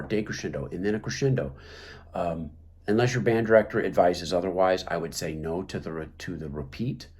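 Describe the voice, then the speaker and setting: Low-voiced man teaching clarinet, hesitant. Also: darkish tone. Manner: hesitant, many fillers and restarts. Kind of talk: instructional talk.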